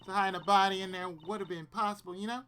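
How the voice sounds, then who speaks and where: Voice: mid-range voice, fairly even intonation, very fast, background noise. A streamer with loose, rambling gameplay commentary who reads the game's dialogue aloud. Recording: game music playing behind.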